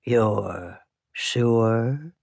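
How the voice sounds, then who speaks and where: A sinister door-to-door salesman with an oily, overly polite pitch, as voiced by a narrator. His voice sits lower than the reader's own, in a storybook reading. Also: very slow, gravelly, darkish tone, no room sound, clean studio sound, heavily acted. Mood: sly. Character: smooth-talking sinister male salesman.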